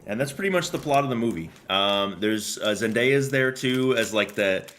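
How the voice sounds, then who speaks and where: Young male streamer, lowish voice, loose profane rambling, filler-heavy chatter. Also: expressive, normal speed, a bit bright, slight background noise. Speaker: livestreamer. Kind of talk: casual chat while playing a game.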